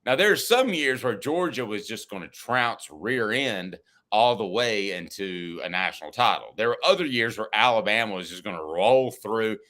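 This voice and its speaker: A man's voice: on the low side, sharp tone. A middle-aged man co-hosting a casual sports talk podcast, arguing and teasing his partner. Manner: argumentative, teasing. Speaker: podcast co-host.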